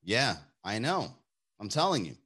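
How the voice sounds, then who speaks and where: A man's voice: fairly low pitch, measured pace, slightly rough. A man hosting casual chat with his viewers, giving blunt, profane, opinionated dating advice. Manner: animated, shifts voice for quotes.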